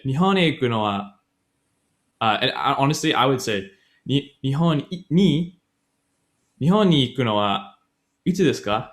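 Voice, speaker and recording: Co-hosting a laid-back podcast, a man with a medium-pitched, fairly bright voice talks through a grammar lesson on a language, frequently stopping to correct himself mid-sentence.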